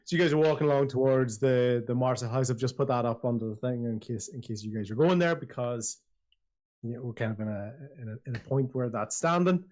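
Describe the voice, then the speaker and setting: A man's voice: mid-range voice, brisk, darkish tone. A man narrating as dungeon master of a tabletop game, chatty and rambling, often restarting his sentences. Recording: slightly dull lo-fi audio.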